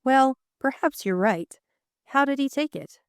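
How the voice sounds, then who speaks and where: A woman voicing a lively, frank young aristocratic woman in a fully voiced audiobook, speaking in an earnest, direct way. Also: sits high, unhurried, clean tone, no room sound, studio quality, voice pushed up. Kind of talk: audiobook character voice.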